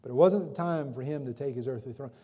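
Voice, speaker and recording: A male pastor preaching a sermon in a church, swinging between loud emphatic calls and quieter explanation, with frequent questions to the congregation. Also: medium pitch, quick pace. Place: church sanctuary. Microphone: livestream recording from the pulpit.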